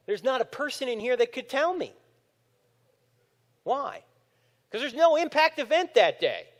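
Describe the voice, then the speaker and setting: A high-pitched man in his fifties speaks with wide, swooping intonation, acting out the people in his stories as he talks. His voice rings with a long hall reverb in a large room full of listeners. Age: 50s. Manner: animated storytelling, acting out quotes. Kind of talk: apologetics talk to a live audience.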